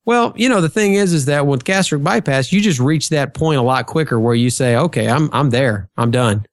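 A man's voice: medium pitch, animated, moderate pace, no room sound, studio quality. A man in casual conversation, talking at length with plenty of fillers and storytelling. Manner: chatty, storytelling, frequent fillers. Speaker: podcast guest. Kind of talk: casual chat.

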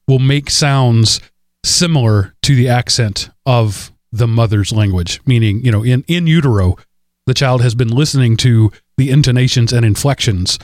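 Chatty podcast host, dry sound. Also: male voice, mid-range voice, a little mellow, no echo. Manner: chatty, self-deprecating, rambling with restarts. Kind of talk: casual chat.

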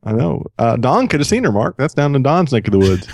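Wry mid-pitched male podcast host. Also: creaky, darkish tone, no echo, clean studio sound. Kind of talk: casual chat.

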